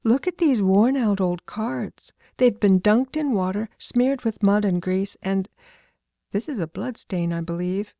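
A woman's voice: mid-range voice, unhurried, gravelly, mellow, no echo, studio quality. A woman doing a terse, surly young woman. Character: surly, sharp-tongued young woman scholar.

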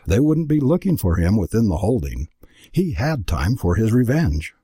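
A man giving a dramatic, expressive scripted narration of a storybook. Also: on the low side, moderate pace, breathy edge, no room sound, clean studio sound. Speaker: audiobook narrator.

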